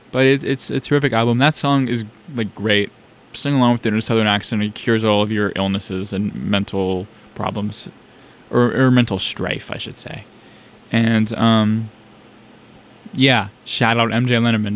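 A young man from South Carolina hosting a music show, chatting in a rambling, enthusiastic way about songs he just played. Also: mid-range voice. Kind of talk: casual music radio chat.

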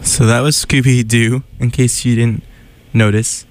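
Man, radio host, casual chat, animated, laughing, mid-pitched voice. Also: a little slow.

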